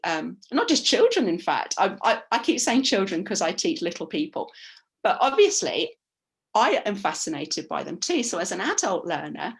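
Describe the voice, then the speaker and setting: Give me a woman teacher presenting a conference talk, animated and chatty, at a middle pitch. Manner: chatty, animated, frequent ums and self-corrections. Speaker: language teacher giving a talk. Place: conference session.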